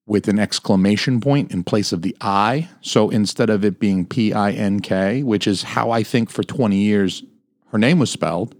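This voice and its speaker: A man's voice: on the low side, darkish tone, no echo. A man hosting a podcast alone, ranting crudely and rambling from topic to topic, full of swearing, from a home studio mic. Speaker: podcast host. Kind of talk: solo podcast rant.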